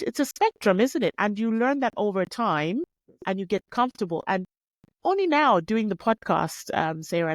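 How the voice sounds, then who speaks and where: A woman's voice: mid-range voice, no room sound. A woman hosting a podcast, talking in a reflective, encouraging way. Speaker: podcast host. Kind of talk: casual interview chat.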